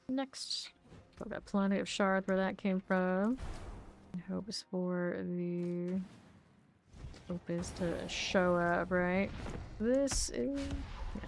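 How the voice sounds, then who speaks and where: Slow, easygoing woman streamer. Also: lowish voice, creaky, a little hiss or hum. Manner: relaxed, chatty, hums and counts to herself. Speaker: game streamer. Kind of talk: casual gameplay commentary.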